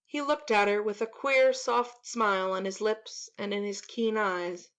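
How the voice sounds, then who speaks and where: A woman narrating a classic story in a measured, expressive dramatic reading. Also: medium pitch, clear, resonant tone. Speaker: audiobook narrator.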